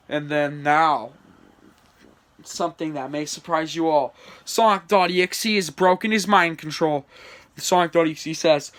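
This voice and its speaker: A man's voice: on the high side, unhurried, long pauses, fairly bright tone. A man reading his homemade story aloud, with chatty asides and small stumbles. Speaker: channel creator.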